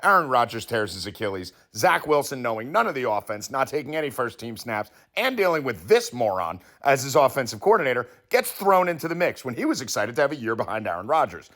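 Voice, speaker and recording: A man's voice: medium pitch, fast, hardly any pauses. A man hosting a sports betting show, telling a comic conspiracy story with heavy swearing and acted-out quotes. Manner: profane, animated storyteller acting out quotes.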